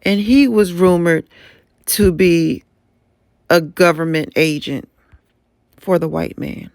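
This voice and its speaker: A speaker giving opinionated commentary in a slow, deliberate way. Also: mid-range voice, creaky, a little mellow, no room sound, clean studio sound. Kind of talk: casual commentary.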